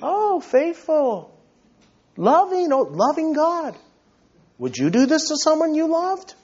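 A man's voice: extremely high pitch, huge pitch swings, slow, a little mellow, pitched above the performer's own voice, exaggerated voice. A man voicing a sneering male tempter spirit who taunts with sarcasm, on a dull, lo-fi recording. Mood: mocking.

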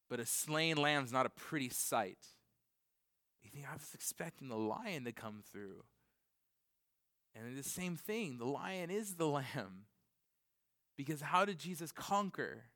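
With a clear, resonant tone, a man in his thirties gives an animated sermon, moving from loud, eager questions to quiet, low scripture reading while laughing often.

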